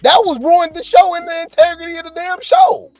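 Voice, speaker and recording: Chatty opinionated reaction host, dry sound. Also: female voice, extremely high pitch, fairly quick, a little mellow, no room sound, soft background music. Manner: chatty, opinionated, addresses viewers directly. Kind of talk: casual reaction commentary.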